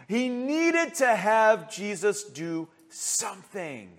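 Male preacher, high voice, sermon delivery, passionate, many rhetorical questions, shifts from loud to hushed. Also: big pitch swings, takes it slowly, few pauses.

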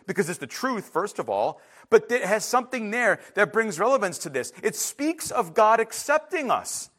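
High, lively male preacher. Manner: emphatic and conversational, with frequent restarts and asides. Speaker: pastor. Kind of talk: sermon.

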